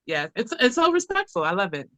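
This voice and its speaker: A woman's voice: fairly high pitch, wildly swooping pitch, fairly quick, pushed and bright, no echo, clean studio sound. A woman in her forties co-hosting a podcast, chatting in a playful, effusive way. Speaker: podcast co-host. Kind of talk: casual chat.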